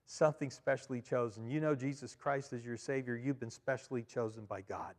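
A man preaching a sermon as pastor, emphatic, repeating key phrases and swinging between loud and quiet. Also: mid-range voice, fairly quick. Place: church. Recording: long reverb of a church hall.

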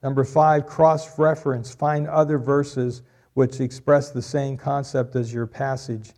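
A man's voice: mid-range voice, level tone, measured pace, darkish tone. A middle-aged man preaching a sermon, repeating key lines for emphasis and joking with the congregation. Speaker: pastor.

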